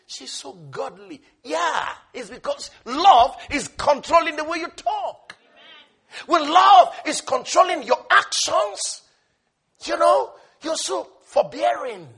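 A man preaching a sermon with passion, swinging from shouted lines to hushed asides. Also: very high voice.

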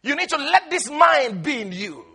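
The pastor's voice sits at an extremely high pitch as he gives a lively sermon. He lingers over words for emphasis and laughs now and then.

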